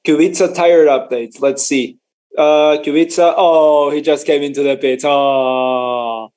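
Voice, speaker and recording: A man's voice: a little high, fairly even intonation, takes it slowly, a little mellow. A man casually commenting on a live race for his stream, chatty and joking, laughing often and stumbling over his words.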